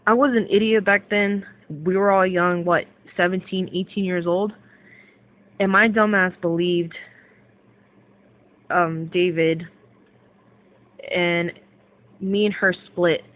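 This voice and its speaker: A woman's voice: fairly low pitch, slow, pauses often. Young woman, vlog rant, rambling, swears a lot, thin phone-quality audio. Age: young adult. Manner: rambling, filler-heavy, swears a lot, excitable. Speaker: vlogger. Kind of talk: casual rant to camera. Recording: tinny phone-like sound.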